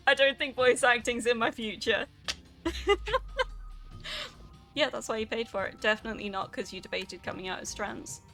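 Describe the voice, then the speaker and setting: A woman's voice: fairly high pitch, fairly even intonation, fast talker, few pauses, pushed and bright, soft background music. A young woman, chatting casually and swearing now and then while she streams a video game. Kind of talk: casual rambling while gaming.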